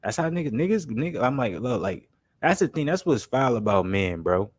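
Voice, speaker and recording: Very animated and slightly rough, this young man's medium-pitched voice has no room sound. He's a livestream basketball commentary host who chats casually in slang, runs through made-up scenarios with quick quotes from friends, and keeps saying "you know what I'm saying" and "man."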